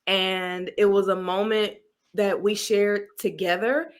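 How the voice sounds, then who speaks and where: A woman guest on a podcast, talking in an animated, expressive way about speaking and laughing easily. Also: medium pitch, slow pace. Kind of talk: casual interview.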